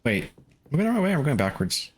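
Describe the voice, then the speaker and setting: A man's voice: a little high, big pitch swings, fast, husky. A man casually commenting while streaming a video game, cursing and laughing often. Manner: loose, profane, laughs often.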